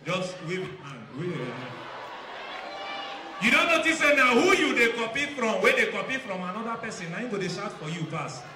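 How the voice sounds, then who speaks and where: A Nigerian man tells a stand-up story from the stage, pushing up to loud punchlines. His voice is fairly high for a man. The hall echoes and there is clear noise behind him. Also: very animated, normal speed. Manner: storytelling, rising to shouts at punchlines. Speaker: stand-up comedian. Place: campus event hall. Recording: roomy hall with background noise.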